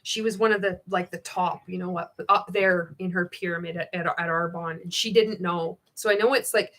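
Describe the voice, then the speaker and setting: A woman's voice: fairly low pitch, steady tone, normal speed, a bit bright. A woman hosting a casual livestream, reading out viewer comments. She is sarcastic, swears freely and laughs often. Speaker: livestream host.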